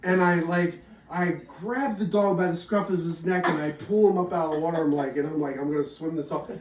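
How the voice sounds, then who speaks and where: A man's voice: high voice, fairly even intonation, brisk. A man telling a rambling, laughing story to family and friends, full of fillers. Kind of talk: casual anecdote told to friends. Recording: roomy echo from a distant mic.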